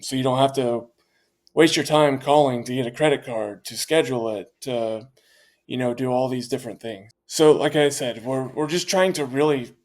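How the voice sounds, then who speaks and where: A man's voice: medium pitch, a little mellow. A man who owns a franchise, interviewed as a podcast guest, explaining his business in a confident, conversational way with many fillers and restarts. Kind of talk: candid interview talk.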